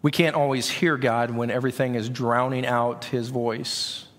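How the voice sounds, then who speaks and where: The long reverb of a church hall surrounds a middle-aged pastor as he addresses his congregation in the sanctuary. He speaks at a normal speed with a steady, fairly bright, medium-pitched voice, keeping it conversational and frequently repeating words.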